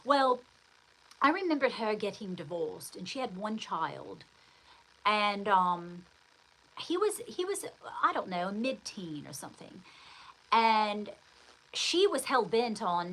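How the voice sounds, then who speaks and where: A woman's voice: mid-range voice, very animated, slow, long pauses, fairly bright tone, rough recording. A middle-aged woman hosting her own show, telling a personal story in a rambling, emphatic way with many restarts. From United States. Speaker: host.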